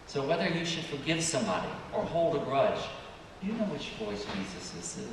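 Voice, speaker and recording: A priest gives a children's sermon in a church. He talks with a lively, rising and falling pitch. He puts gentle questions to the children and waits for their replies, and his voice carries a long, echoing reverb from a distant mic. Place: church sanctuary. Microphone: distant room mic. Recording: echoey church hall, distant mic, background noise.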